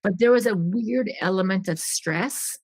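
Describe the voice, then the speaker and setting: A woman's voice: medium pitch, unhurried, a little mellow, no echo. A middle-aged woman telling a personal story on a podcast, earnest and rambling, often restarting sentences and acting out what people said.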